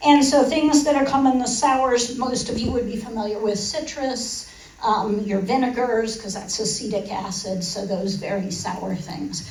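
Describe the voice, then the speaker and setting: A woman's voice: fairly high pitch, normal speed, a little mellow. A woman giving a casual science talk to a live audience, with many fillers and restarts. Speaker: guest speaker on food science. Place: lecture room. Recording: roomy, distant mic in a hall.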